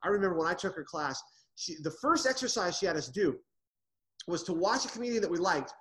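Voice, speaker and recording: Animated middle-aged man telling comedy stories. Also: high voice, fairly quick. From United States. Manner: animated storyteller, restarts often. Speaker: guest, comedy writer. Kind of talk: casual interview.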